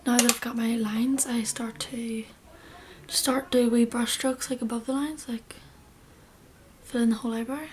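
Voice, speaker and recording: A woman's voice: fairly high pitch, fairly even intonation, normal speed, long pauses, a little hiss or hum. A young woman giving a casual makeup tutorial, chatty and rambling, often dropping into a half-whisper. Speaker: beauty vlogger.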